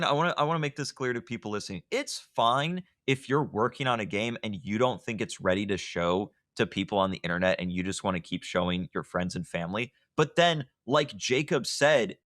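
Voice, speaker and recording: A man's voice: on the high side, fairly bright tone, dry recording, studio quality. A man co-hosting a podcast about card games, talking in a sarcastic, emphatic casual rant. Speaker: podcast co-host, game publisher. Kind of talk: casual ranting chat.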